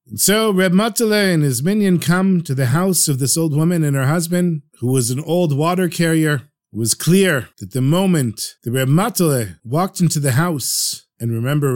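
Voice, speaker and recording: Earnest storytelling man with a high voice. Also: a little mellow. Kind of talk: storytelling podcast narration.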